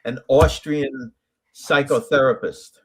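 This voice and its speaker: A man co-hosting a podcast, emphatic and teasing, bursting into quick asides. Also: medium pitch, steady tone, creaky, husky. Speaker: podcast co-host. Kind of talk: casual podcast chat.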